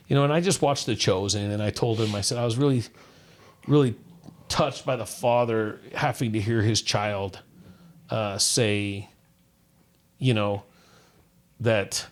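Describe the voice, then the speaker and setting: A middle-aged man from Utah, co-hosting a podcast and telling a personal story in an earnest, rambling way, full of restarts. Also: on the low side. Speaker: podcast co-host. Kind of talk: casual chat, personal story.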